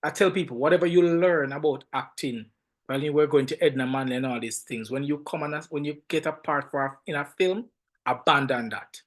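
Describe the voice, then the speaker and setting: Jamaican man, film director, podcast guest; slightly high voice, lively emphatic storyteller who repeats himself. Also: a little fast. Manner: animated, emphatic storytelling with frequent word repeats. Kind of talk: casual podcast interview.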